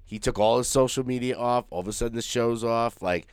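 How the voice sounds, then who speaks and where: A man co-hosting a podcast, talking casually and profanely in a rambling way, often slipping into quick mimicked quotes. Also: medium pitch, clear, resonant tone, dry recording. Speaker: podcast co-host. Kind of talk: casual chat.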